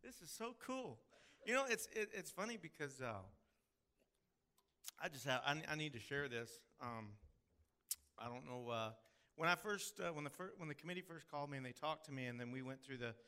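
A man's voice: on the high side, animated, moderate pace, sharp tone, clear, resonant tone. A man from the Texas hill country with a Texan accent, preaching a sermon as pastor in folksy storytelling style. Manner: folksy storytelling with drawled phrases.

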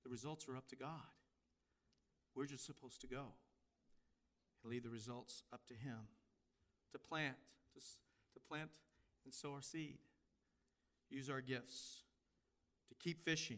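A man's voice: medium pitch, a bit bright. A man preaching a sermon in a conversational way, asking the congregation questions. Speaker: pastor.

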